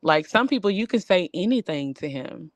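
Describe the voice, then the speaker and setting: A woman's voice: on the low side, normal speed, no room sound. Chatty Southern woman, dry close sound. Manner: animated, drawling, lots of fillers. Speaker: podcast co-host. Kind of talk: casual barbershop-style chat.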